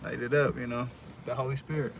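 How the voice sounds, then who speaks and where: A man's voice: mid-range voice, flat delivery, quick pace, a little hiss or hum. A man bantering casually with his wife, laid-back and teasing, heard from off the mic. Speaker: host's husband.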